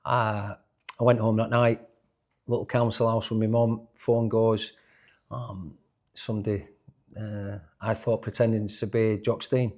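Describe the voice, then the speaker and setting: A man, a former footballer telling animated stories in an interview, often restarting his sentences. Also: fairly low pitch, unhurried. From Yorkshire, England. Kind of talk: casual interview storytelling.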